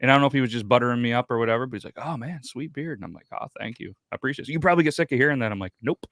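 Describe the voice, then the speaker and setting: A man's voice: mid-range voice, racing, fairly bright tone, dry recording, clean studio sound. A man in his thirties hosting a podcast, telling rambling, profane stories in casual chat. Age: 30s. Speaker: podcast host.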